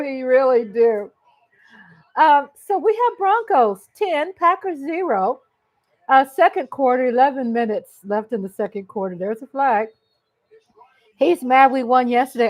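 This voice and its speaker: A woman hosts a relaxed live chat. Her voice sits high and she takes her time, greeting viewers by name and laughing often. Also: measured pace, poor audio. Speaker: livestream host. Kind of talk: casual live-chat commentary.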